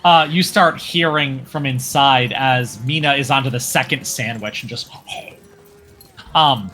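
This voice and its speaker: A man's voice: medium pitch, unhurried, pushed and bright. A man narrating as game master, describing scenes loosely with lots of fillers. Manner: rambling, filler-heavy description.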